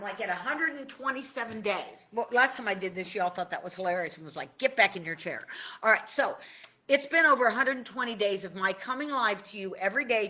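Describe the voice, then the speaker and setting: A woman's voice: mid-range voice, pushed and bright. A middle-aged woman from Indiana talking casually on a livestream as a tapping coach, chatty and joking, often cutting herself off mid-sentence. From Indiana, USA. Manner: chatty, joking, self-interrupting. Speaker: tapping and law of attraction coach.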